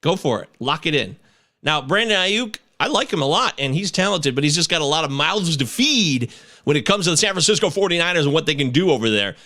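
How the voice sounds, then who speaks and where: A man in his thirties hosting a casual sports podcast, animated and swearing, breaking into shouts and chants. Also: fairly high pitch, fairly quick. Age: 30s. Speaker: podcast host.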